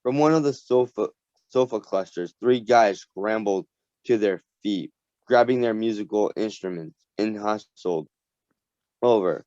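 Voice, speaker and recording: A man reading a novel aloud to a community reading group, halting and often restarting words. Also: on the low side, warm tone, dry recording. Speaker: story reader. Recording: dull dry lo-fi recording.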